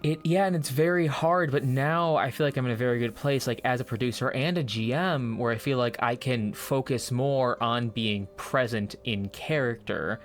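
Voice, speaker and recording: A man chatting as the game master of a tabletop show. His talk is animated and he swears freely. His pitch sits in the middle range, and faint music plays under the conversation. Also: normal speed, few pauses. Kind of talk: casual podcast chat.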